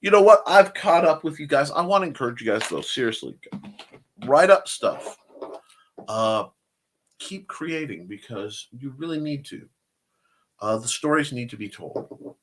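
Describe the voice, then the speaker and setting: A man's voice: mid-range voice, expressive, a little slow, pauses often. A man hosting a casual live-stream chat show, rambling through plugs with jokey asides and self-corrections. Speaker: show host.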